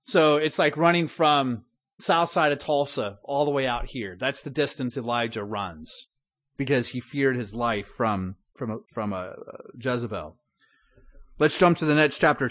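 A man's voice: medium pitch, moderate pace, a bit bright. A middle-aged man preaching a sermon in a conversational way, with asides and restarts.

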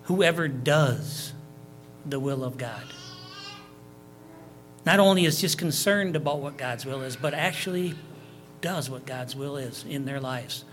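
A man's voice: mid-range voice, unhurried, long pauses, fairly bright tone, faint music behind. A man preaching a sermon, reading scripture verses aloud and explaining them in plain, conversational terms, with repeats and fillers. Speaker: pastor.

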